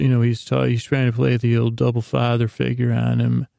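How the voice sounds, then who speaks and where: A man with a heavily gravelly voice drifts through a casual recap for a sleep podcast, stopping and restarting as he goes. His tone stays flat and unhurried, with little rise and fall. The recording is close and dry. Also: mid-range voice, dry recording. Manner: meandering, casual, many fillers and restarts. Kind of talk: rambling bedtime recap.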